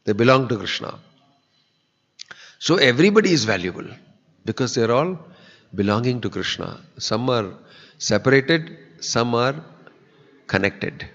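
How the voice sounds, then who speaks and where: A man's voice: medium pitch, lively intonation, unhurried, pauses often, a bit bright. A man giving a sermon in a temple hall, earnest and conversational. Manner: earnest, conversational, acts out quoted people. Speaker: spiritual teacher giving a discourse. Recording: dull lo-fi audio with long hall reverb.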